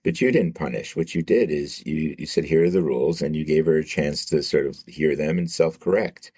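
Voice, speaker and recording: A man's voice: a bass voice, brisk, a little mellow, breathy edge, no echo, studio quality. A man speaking as a guest expert on a podcast, giving thoughtful answers that he often restarts with "uh" and "you know". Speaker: guest expert, sibling researcher. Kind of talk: interview answers.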